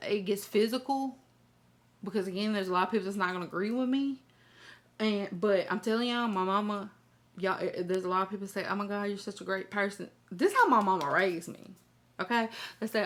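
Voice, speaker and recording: Woman reading a viewer email out loud, blunt and cussing, chatting right at her viewers. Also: medium pitch, a little fast. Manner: blunt, profane, chatty, talks straight to viewers. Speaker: host.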